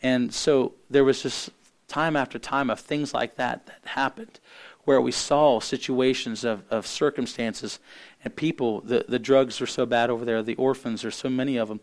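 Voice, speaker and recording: A man preaching and telling a personal testimony, halting and repeating words as he speaks. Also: medium pitch, steady tone. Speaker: minister. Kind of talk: sermon testimony.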